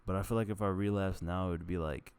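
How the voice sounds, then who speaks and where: Young male vlogger, very low gravelly voice, loose meandering monologue to camera, breaks off mid-thought. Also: steady tone, fast talker, a little mellow. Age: young adult. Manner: meandering, self-interrupting, laughs at own stories. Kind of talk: rambling casual monologue. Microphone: camera mic.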